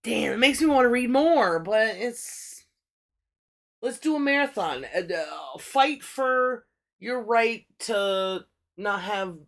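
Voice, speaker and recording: Slow-talking woman musing on a livestream. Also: fairly high pitch, expressive. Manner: blunt, profane, musing aloud. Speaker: livestream host. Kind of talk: casual bible reading and commentary.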